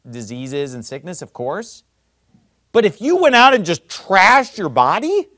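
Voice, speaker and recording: A male pastor delivering a blunt, fiery sermon. His voice sits a little high for a man, and he swings from loud, hammering emphasis down to low, muttered asides. The sound is close and dry. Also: no room sound.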